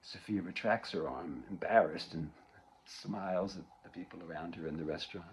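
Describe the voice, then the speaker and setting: A man reading out the stage directions of a play in a low, subdued way. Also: moderate pace, a little hiss or hum. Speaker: play reader.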